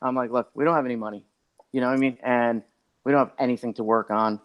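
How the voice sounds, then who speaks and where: A man who is a podcast guest, telling a long story in a rambling, animated way and acting out what other people said. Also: medium pitch, fast, smooth, dull audio. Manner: rambling and animated, acts out others' lines, many "like" fillers. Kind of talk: casual storytelling.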